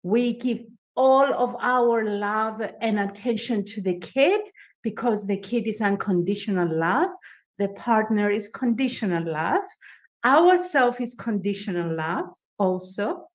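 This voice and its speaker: A woman speaking with a foreign accent as a guest coach in a podcast interview, animated and emphatic, laughing often. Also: medium pitch, a little slow.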